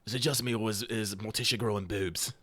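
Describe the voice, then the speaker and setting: A man playing a tabletop game, animated and tripping over his words. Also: lowish voice, quick pace. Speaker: player. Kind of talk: casual tabletop game chat.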